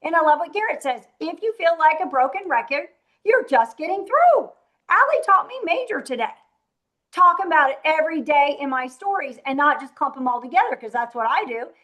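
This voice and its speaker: A woman with a high voice runs a motivational sales training. She talks in an emphatic, direct way to her group and drops into a softer voice to act out her own pitches. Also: animated, a little fast.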